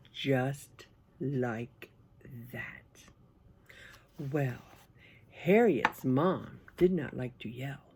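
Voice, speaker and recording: A children's storyteller reading a picture book aloud, animated, asking the listeners questions and dropping into whispers. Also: medium pitch, slight background noise.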